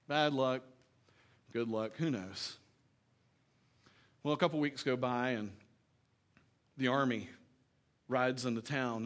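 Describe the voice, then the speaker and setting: A male pastor preaching a conversational sermon to a church congregation, swinging from loud emphatic questions to soft quiet storytelling. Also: medium pitch.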